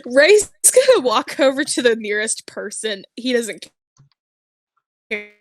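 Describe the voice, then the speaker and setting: A woman's voice: on the high side, sing-song, no room sound. Casual woman describing her character's actions. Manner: casual, halting, with many fillers. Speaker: player. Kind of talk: tabletop game play, narrating actions.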